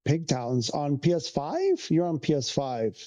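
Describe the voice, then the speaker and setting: A man's voice: on the high side, wildly swooping pitch, measured pace, dark tone. A man from Canada, chatting casually on a livestream, rambling and restarting as he answers viewers' questions. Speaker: streamer.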